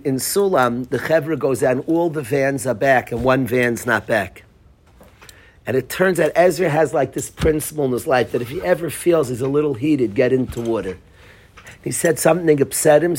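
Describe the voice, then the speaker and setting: Man, husky voice, Torah class, storytelling, quizzes students by name. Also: on the high side, a little mellow. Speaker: Torah teacher.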